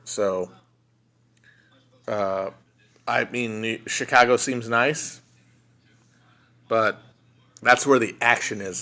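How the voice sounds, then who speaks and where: A man chats casually on a phone livestream from home, blunt and profane, cracking jokes as he answers viewers. His voice is bright and forceful, sitting at a middling pitch. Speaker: podcast host answering viewer questions. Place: indoors at home, streaming.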